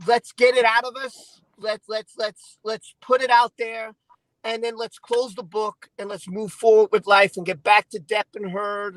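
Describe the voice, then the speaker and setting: A man hosting a casual stream, venting in an emotional, halting, repetitive way. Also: very high-pitched, a bit bright, dry recording, poor audio. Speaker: channel host.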